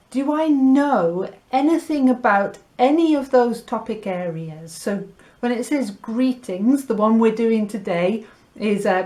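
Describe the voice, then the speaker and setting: A woman teaching a Spanish lesson, drilling sounds clearly and slipping Spanish words into her English. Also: fairly high pitch, a little mellow. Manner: slow, clear pronunciation drills with light laughs. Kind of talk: recorded language lesson.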